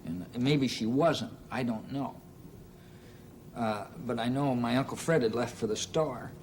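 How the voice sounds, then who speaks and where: A man's voice: mid-range voice, slight background noise. Man spinning a folksy stage yarn. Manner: unhurried, halting delivery with many "uh"s. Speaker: stand-up storyteller. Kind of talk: folksy comic anecdote on stage. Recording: live audience laughter and band music.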